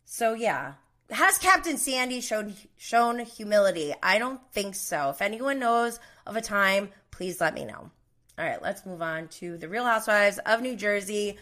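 Woman host for a casual live recap: bright, chatty, opinionated, mimics the people she quotes. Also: medium pitch, expressive, measured pace.

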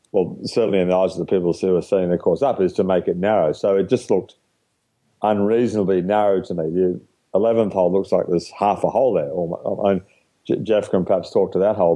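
A man giving opinions on a golf podcast, measured and opinionated. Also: low voice, dark tone, poor audio. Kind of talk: podcast conversation.

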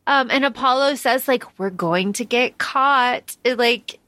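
A woman's voice: fairly high pitch, measured pace, bright, forceful tone, dry recording. A woman co-hosting a podcast, chatting about a book in an easygoing, wry way, often repeating phrases. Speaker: podcast co-host. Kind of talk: casual book discussion.

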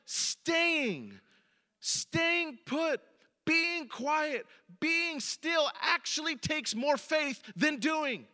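High bright-voiced male preacher. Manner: conversational preaching, addresses the congregation directly. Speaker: pastor. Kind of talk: sermon. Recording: long reverb of a large hall.

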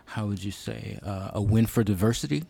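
Halting, gravelly-voiced man in casual chat. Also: fairly low pitch, warm tone. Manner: thoughtful, halting, many ums and restarts. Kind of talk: casual film-industry chat.

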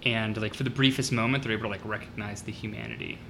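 A man's voice: lowish voice, fairly even intonation, fast talker, gravelly, sharp tone, a little hiss or hum. A man co-hosting a podcast, chatting casually and reflectively, with many fillers. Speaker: podcast co-host.

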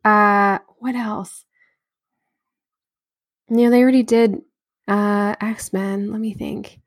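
A woman talking as a guest on a casual podcast, friendly and hesitant, with many pauses and fillers. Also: mid-range voice, steady tone, no echo, studio quality. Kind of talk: casual interview chat.

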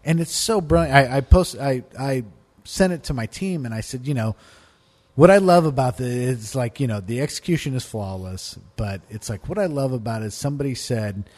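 A man co-hosting a casual podcast chat, animated and swearing freely as he retells scenes. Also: medium pitch, a little fast. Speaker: podcast co-host.

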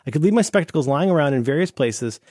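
Fast-talking rambling male podcast host. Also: fairly high pitch, expressive, a little mellow, no echo, studio quality. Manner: rambling, playful, riffing on tangents. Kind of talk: casual podcast chat.

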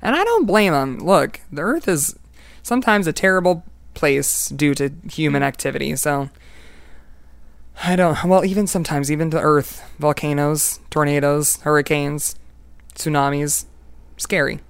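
Playful storytelling podcast host, gravelly, dry close sound. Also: medium pitch, a little slow, dry recording. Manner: playful, jokey, laughs often. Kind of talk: casual storytelling chat.

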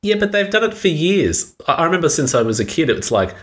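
A man, co-hosting a podcast in playful, animated casual chat. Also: fairly high pitch, fast. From Australia. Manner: playful, animated, laughs often. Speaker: podcast co-host.

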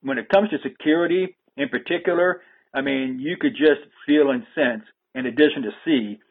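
A man's voice: mid-range voice, moderate pace. A man hosting a casual conversation, rambling and hesitant with frequent restarts. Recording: phone-like lo-fi line.

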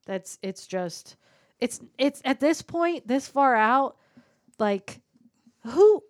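A woman's voice: high-pitched, animated, slow pace, dry recording, clean studio sound. An American woman with a stuffy head cold, talking bluntly and at length as a podcast co-host. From United States. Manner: talkative, blunt, with swearing. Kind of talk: casual chat. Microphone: studio mic.

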